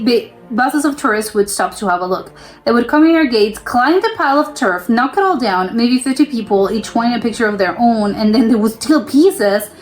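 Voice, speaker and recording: A young woman from the United States hosting a reaction video, reading comments aloud and reacting with laughs and disbelief. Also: fairly high pitch. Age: young adult.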